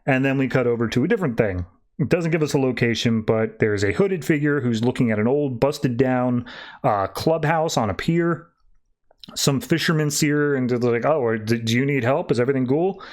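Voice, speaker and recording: A man's voice: mid-range voice, normal speed. A male podcast host loosely retelling a comic book story in casual chat, paraphrasing the characters as he goes.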